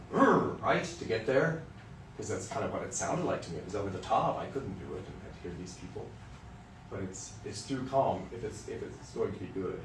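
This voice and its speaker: A man's voice: lowish voice, background noise. A man from Western Kansas, a voice teacher, lecturing music students in a candid, joking, storytelling way. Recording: roomy sound from a distant mic.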